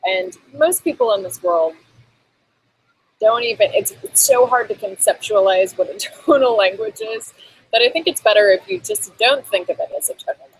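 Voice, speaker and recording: Woman teaching basic phrases on camera, lots of ums, little laughs, pitch bouncing all over, faint noise behind. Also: very animated, normal speed, poor audio. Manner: chatty, frequent ums, laughs between phrases. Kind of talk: casual on-camera lesson. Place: Bangkok.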